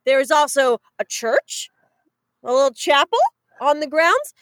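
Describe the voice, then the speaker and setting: A woman hosting a casual chat, retelling a show with lively put-on voices for its characters. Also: high-pitched, dry recording. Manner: animated storyteller acting out characters in quick put-on voices. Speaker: podcast host recapping a show.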